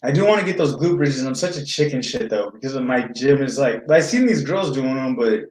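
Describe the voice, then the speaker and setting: A man's voice: medium pitch, animated, a little fast, a little mellow. A man co-hosting a casual podcast, talking bluntly and jokingly with a lot of swearing. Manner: blunt, profane, jokey. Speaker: podcast co-host. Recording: roomy echo.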